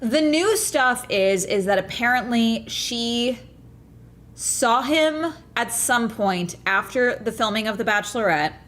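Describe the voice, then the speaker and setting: A woman streaming live, gossiping to her viewers in a casual, heated rant. Her voice sits a little high, and she swears freely as she gets worked up. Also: animated, takes it slowly, fairly bright tone. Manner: ranting, profane, fired up. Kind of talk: casual livestream chat.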